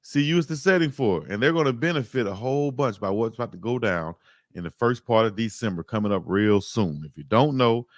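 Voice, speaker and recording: Animated male sports livestream host. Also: mid-range voice, a little fast, dry recording, studio quality. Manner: animated, emphatic, repeats phrases, slangy. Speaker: live-stream sports show host. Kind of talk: casual livestream commentary.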